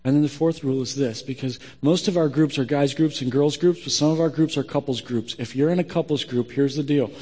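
Blunt pastor in a reverberant hall. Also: male voice, mid-range voice, fairly quick, few pauses, warm tone, breathy edge. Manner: blunt, direct, emphatic. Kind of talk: sermon.

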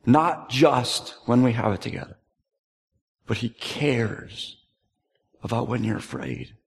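A man in his thirties preaching a sermon, earnest, dropping to soft, hushed tones at tender moments. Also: medium pitch, big pitch swings, takes it slowly, gravelly. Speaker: pastor. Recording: long hall reverb.

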